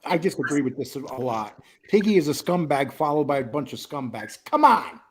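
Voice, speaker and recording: A man's voice: fairly high pitch, very animated, normal speed, slightly rough. A male livestream host chatting casually, joking and teasing as he reads the chat aloud.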